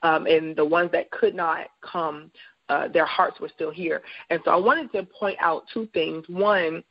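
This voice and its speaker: Woman host, live faith chat from her bed, unhurried and reflective, dry dull lo-fi stream audio. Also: deep voice, fairly even intonation, dry recording. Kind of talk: live faith talk show. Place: at home in bed.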